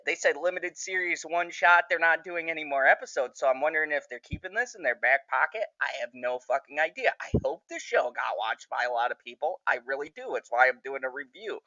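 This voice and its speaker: A man with a bright, forceful voice rambles through a TV recap, swearing freely and getting worked up. The sound is dry and slightly dull, like a lo-fi home recording. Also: a little high, dry recording. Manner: profane, excitable, rambling. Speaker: TV reviewer. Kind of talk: casual recap review.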